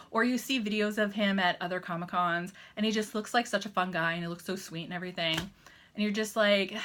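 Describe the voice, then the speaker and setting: A Canadian woman in her thirties tells a personal story straight into her camera, chatty and animated. Her voice is bright and clear, and she slips into other people's voices when she quotes them. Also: medium pitch. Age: 30s. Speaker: vlogger.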